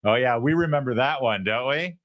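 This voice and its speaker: A man hosting a political talk show, giving mocking, animated commentary. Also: medium pitch, brisk, muffled recording, very noisy.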